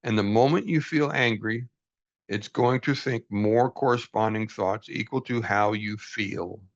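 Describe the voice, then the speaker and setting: A man's voice: fairly low pitch, a little slow. An older man reading from a book aloud and reflecting on it in an earnest, folksy, self-deprecating way, on a dull lo-fi recording. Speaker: book study host.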